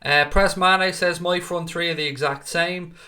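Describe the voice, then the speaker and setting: A man's voice: a little high, fairly even intonation, normal speed, pushed and bright. Chatty man hosting a football stream. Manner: chatty, reads viewer comments aloud, greets viewers by name. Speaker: livestream host. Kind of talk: live-stream football chat, reading chat. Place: home studio with green screen.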